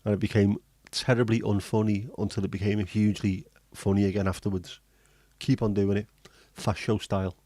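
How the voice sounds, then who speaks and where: Chatty man, low and mellow. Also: little pitch movement, fairly quick, few pauses, dry recording. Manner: chatty, joking, swears casually. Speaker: livestream host. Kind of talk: casual chat reading viewer comments.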